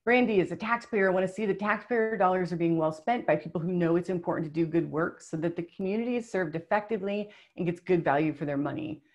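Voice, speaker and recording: A woman's voice: fairly low pitch, fast talker, hardly any pauses. A woman presenting a live online workshop, reading out participants' answers in an upbeat, emotional, chatty way over a video call. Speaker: webinar presenter.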